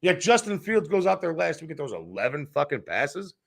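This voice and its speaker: A gravelly-voiced man rants as a sports talk host. His pitch swings widely as he hammers his points again and again, and he swears freely. His voice sits a little higher than most men's. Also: big pitch swings, fairly quick, noisy background. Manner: heated, profane, repetitive ranting.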